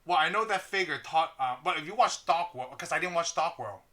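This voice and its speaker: A young man with a very bright, sharp-edged voice talks animatedly in a relaxed podcast conversation. He laughs often and slips into quick acted-out lines. His voice sits a little above the usual male range. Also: a little high. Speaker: podcast co-host. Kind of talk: casual chat.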